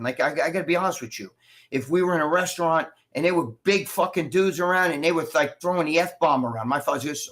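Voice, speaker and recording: Profane, animated man telling stories. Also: mid-range voice. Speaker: show co-host. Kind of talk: casual livestream chat. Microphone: video call.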